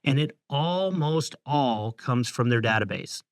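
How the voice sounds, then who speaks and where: A man leading a real estate brokerage's training program, talking reflectively and halting often with fillers. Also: medium pitch, expressive, dry recording. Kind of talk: casual business discussion.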